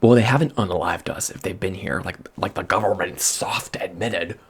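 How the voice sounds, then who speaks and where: A man rambling in soft-spoken ASMR chat at a close microphone, drifting from hushed murmurs to excited outbursts. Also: low voice, moderate pace, husky. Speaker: vlogger.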